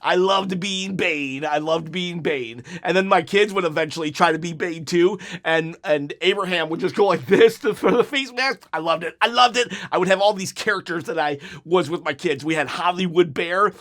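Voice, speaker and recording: A middle-aged man answering viewer questions in a casual vlog, earnest and rambling, with animated bursts. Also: high-pitched, fairly quick, hardly any pauses. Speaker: wrestling YouTuber.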